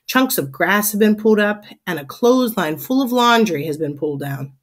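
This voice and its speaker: A woman teacher reads a children's chapter book aloud to her class, her mid-pitched voice a little rough. She tells the story in an animated, expressive way at a normal speed, leaning into its lively moments.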